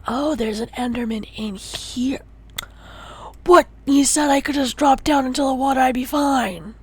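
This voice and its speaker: A young woman streaming a game, chatting casually and shifting between hushed muttering and excitable talk. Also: high-pitched, unhurried, husky. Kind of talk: casual gameplay livestream chat.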